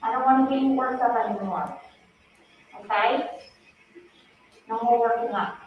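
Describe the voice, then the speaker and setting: A woman speaks gently and coaxingly, urging someone to breathe in short repeated phrases, her voice sitting a little high. The bedside recording is distant and echoey, muffled, with faint noise behind it. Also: normal speed. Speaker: investigator interviewing a hospital patient. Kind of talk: bedside interview recording played in court. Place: hospital room.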